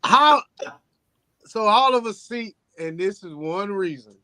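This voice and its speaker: A man co-hosting a casual chat show, tired and talking in a low-key monotone. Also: slow, dry recording. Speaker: podcast co-host.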